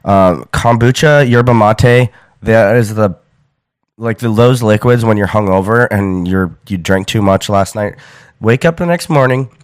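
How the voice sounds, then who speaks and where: Low smooth rambling American man. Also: a little slow, no echo, clean studio sound. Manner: loose and rambling, many fillers and restarts. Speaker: podcast host. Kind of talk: casual rambling monologue.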